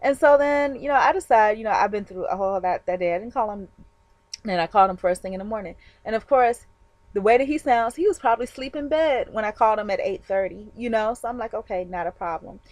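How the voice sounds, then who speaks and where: A woman telling a story to her viewers in a casual, animated, chatty way, with frequent fillers and laughs. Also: a little high, quick pace, no room sound. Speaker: vlogger.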